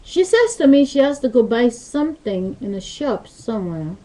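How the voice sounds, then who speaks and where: A woman's voice: a little high, big pitch swings, normal speed, dark tone, low-quality recording. A woman telling a rambling story into her webcam in loose, non-native English grammar. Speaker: vlogger. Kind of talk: casual storytelling monologue. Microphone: webcam mic.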